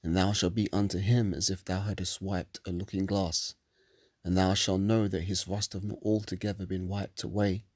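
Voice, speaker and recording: A man's voice: low voice, flat delivery, moderate pace, darkish tone, no room sound. A man reading scripture verses solemnly and breaking into profane, angry commentary. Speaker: religious commentator.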